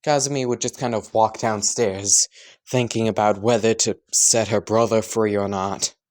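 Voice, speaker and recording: A man's voice: fairly low pitch, fairly even intonation, normal speed, a little mellow. A man casually improvising and narrating a fan story, rambling, joking and correcting himself.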